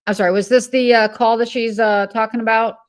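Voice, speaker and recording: A woman in her fifties gives sarcastic, exasperated commentary on a livestream. Her voice sits a little high. She sounds openly fed up. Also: flat delivery, brisk, clean tone. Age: 50s. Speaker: livestream co-host.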